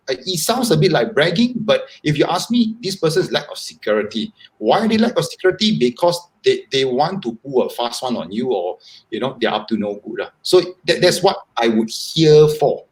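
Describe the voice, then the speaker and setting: A man, a guest on a live video-call interview, explaining at length in an animated, repetitive way. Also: fairly high pitch, fairly quick, poor audio. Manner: animated, repetitive, talks in long explanatory runs. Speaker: guest author.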